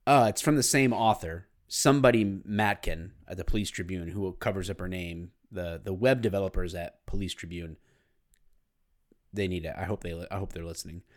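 Laughing often, a former cop co-hosts a casual podcast and tells animated stories in a low-pitched voice at normal speed.

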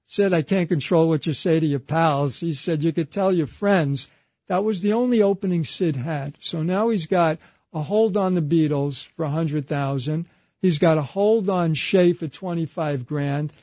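High-voiced man telling a story. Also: normal speed, mellow, dry recording. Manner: retells a story through a chain of quoted dialogue, repeating "he said". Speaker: interview guest. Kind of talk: conversational storytelling anecdote.

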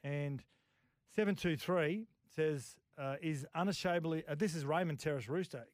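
A man in a mid-range voice co-hosts a sports radio show. He tells yarns and reads listener texts in an easygoing, relaxed way. The studio sound is close and dry. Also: a little high, normal speed, dry recording. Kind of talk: casual radio talk show banter. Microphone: studio microphone.

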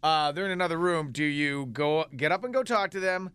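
Man, radio host, bright tense voice, slightly high, joking, dry studio sound. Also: fairly quick, smooth, dry recording. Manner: joking, laughs often. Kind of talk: morning radio banter.

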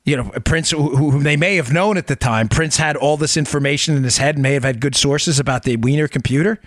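This middle-aged political podcast host talks fast in a fairly high-pitched voice, captured dry with studio quality. His tone is emphatic and incredulous, and he hammers his points by saying them again.

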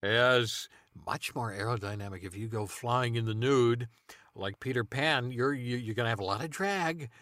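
A man improvising absurd comedy in a rambling, deadpan way, full of ums and uhs. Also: medium pitch, normal speed, dry recording.

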